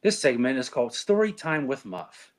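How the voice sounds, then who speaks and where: A man's voice: mid-range voice, big pitch swings. Wisecracking man on a sports podcast. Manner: quick wisecracks. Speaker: podcast panelist. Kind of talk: casual sports chat.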